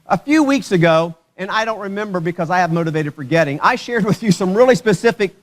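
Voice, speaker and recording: A man's voice: high voice, lively intonation, quick pace. A male pastor giving a sermon at a church service, conversational and joking, often putting questions to the congregation.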